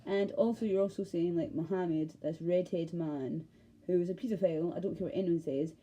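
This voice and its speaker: A woman's voice: on the low side, brisk, warm tone, poor audio. A woman with a Glaswegian accent, talking to camera in a passionate, profane, rambling monologue. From Scotland. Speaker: vlogger. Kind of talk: ranting monologue.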